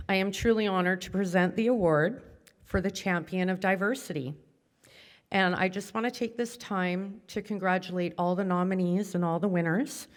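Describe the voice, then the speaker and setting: A middle-aged woman, a mayor, speaks at an awards ceremony in a somewhat low voice. She is chatty and heartfelt, and she pads her sentences with frequent ums. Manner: chatty, heartfelt, many fillers. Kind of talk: ceremony speech.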